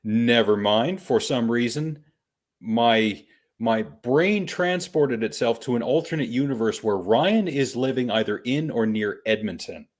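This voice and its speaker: A man's voice: medium pitch, lively intonation, a little slow. A man hosting a casual podcast, bantering and chuckling often. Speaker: podcast host. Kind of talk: casual chat.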